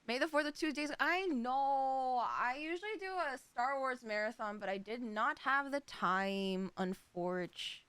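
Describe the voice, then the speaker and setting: An American woman streamer chatting casually, giggly and excitable. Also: sits high, moderate pace, hardly any pauses, clear, resonant tone, no room sound. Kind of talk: casual live-stream chat.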